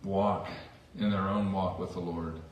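Low-voiced pastor preaching in an echoey church. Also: male voice, fairly even intonation, unhurried, far from the mic, slight background noise. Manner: conversational, self-deprecating asides. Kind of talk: sermon. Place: church sanctuary. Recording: echoey church hall from afar.

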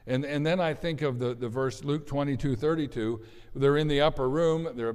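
A man's voice: medium pitch, a little mellow. Man preaching in a reverberant hall. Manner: conversational preaching with many restarts and scripture readings. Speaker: pastor. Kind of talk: sermon.

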